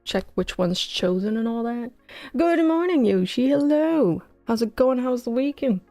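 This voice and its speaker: A woman's voice: on the high side, animated, measured pace, mellow, dry recording, soft background music. A woman livestreaming her game coding, chatting in a scattered, self-mocking way and sounding tired, close on a headset mic. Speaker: game dev streamer. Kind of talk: casual livestream chat.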